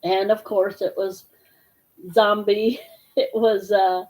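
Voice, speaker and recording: Woman chatting at home, mid-pitched, rambles and laughs easily. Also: flat delivery, takes it slowly, darkish tone, rough recording. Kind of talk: casual chat.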